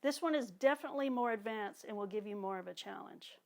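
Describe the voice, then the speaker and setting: A woman teaching drum exercises, calmly cueing each one while she plays. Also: medium pitch, quick pace, creaky. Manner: calm, counts and cues exercises while playing. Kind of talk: instructional demonstration. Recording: talk over loud drumming and metronome.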